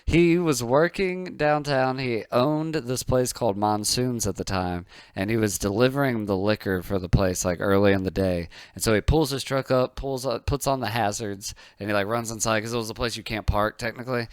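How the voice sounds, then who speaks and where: A man hosting a comedy podcast, spinning a long anecdote in an animated way and swearing as he goes. His voice is clean and resonant, set in a dry, close sound with a middle pitch. It is a relaxed, conversational tone. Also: moderate pace, few pauses, clean tone, dry recording. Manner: animated storyteller, swears freely. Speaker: podcast host. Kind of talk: casual storytelling chat.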